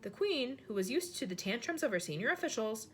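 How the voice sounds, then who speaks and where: A woman reading a children's novel aloud in an expressive storyteller manner. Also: fairly high pitch, a little hiss or hum. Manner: expressive, brisk narration.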